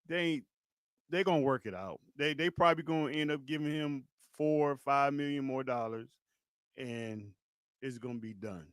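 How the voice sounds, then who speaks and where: A man co-hosting a sports podcast, giving a relaxed, matter-of-fact take in casual conversation. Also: fairly high pitch, dry recording. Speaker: podcast co-host.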